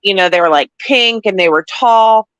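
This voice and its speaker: A woman's voice: medium pitch, normal speed, a bit bright, clean tone, rough recording. A woman co-hosting a casual livestream chat, rambling with lots of "like".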